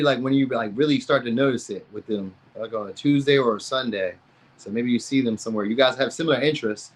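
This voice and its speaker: A man's voice: mid-range voice, fairly bright tone. A man giving a casual tarot reading, chatting in loose slang and reacting to viewers' comments. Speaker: tarot reader.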